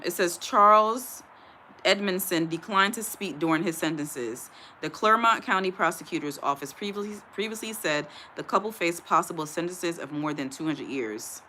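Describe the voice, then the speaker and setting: A young woman from Ohio reads a news story aloud and breaks off to give her own blunt, indignant opinions. Her voice sits a little low. She is emphatic and sometimes trips over the written words, over a faint hiss. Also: sharp tone. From Ohio, USA. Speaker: vlogger reading a news article to viewers. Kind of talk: casual commentary.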